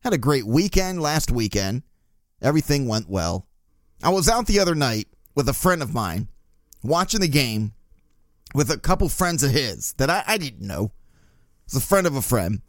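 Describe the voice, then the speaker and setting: A man hosting a podcast, telling stories in a casual, profane, animated way. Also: mid-range voice, normal speed, dry recording, clean studio sound. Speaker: podcast host. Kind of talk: casual monologue.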